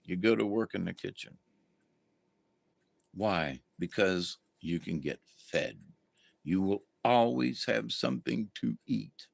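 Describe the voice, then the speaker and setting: A man's voice: on the low side, animated, takes it slowly, vocal fry, no echo. A middle-aged man, telling a rambling, folksy story as a livestream host and greeting viewers along the way. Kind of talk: casual storytelling to a live chat.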